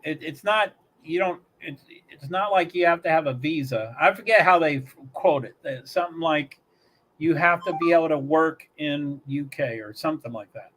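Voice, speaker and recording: Watching a race on his livestream, this man speaks at a moderate pace in a highish, fairly bright voice. His casual commentary wanders as he thinks out loud.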